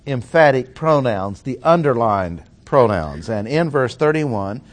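A man teaching through a Bible passage verse by verse, stressing key words with plain-spoken asides. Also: medium pitch. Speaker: preacher.

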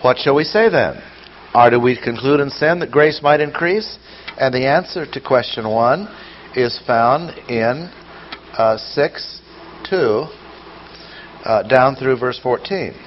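A man's voice: mid-range voice, takes it slowly. A man teaching scripture verse by verse, reading passages aloud, then explaining them and asking rhetorical questions. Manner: poses rhetorical questions to listeners. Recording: dull lo-fi sound with faint noise.

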